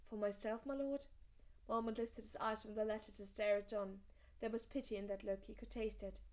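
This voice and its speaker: A woman reading a fantasy novel aloud as an audiobook narrator, steady and measured. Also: mid-range voice. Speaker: audiobook reader.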